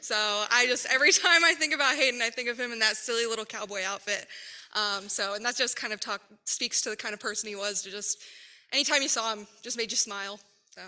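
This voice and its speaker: A young woman sharing a fond, gently teasing memory at a memorial gathering. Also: a little high, fast talker, poor audio. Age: young adult. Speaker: speaker at a memorial.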